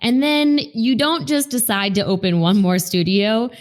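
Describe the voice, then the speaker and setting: A woman's voice: on the high side, fairly even intonation, moderate pace. A woman hosting a casual podcast interview, chatty and enthusiastic, with a loose, conversational way of asking questions. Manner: chatty, enthusiastic, uses fillers like "like" and "you know". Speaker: podcast host.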